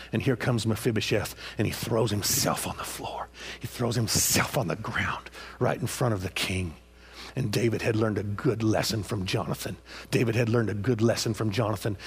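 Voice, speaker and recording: Husky-voiced impassioned male preacher. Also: medium pitch. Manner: impassioned, repeats phrases and prods listeners with "huh?". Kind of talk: sermon.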